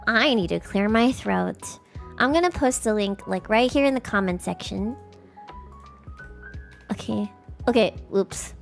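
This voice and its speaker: A young woman, chatting casually with her stream viewers and acting out little scenes in an animated, giggly way. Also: medium pitch, unhurried, creaky, long pauses, soft background music. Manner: animated, giggly, acts out polite strangers and sings snatches of songs. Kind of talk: casual chat with livestream viewers.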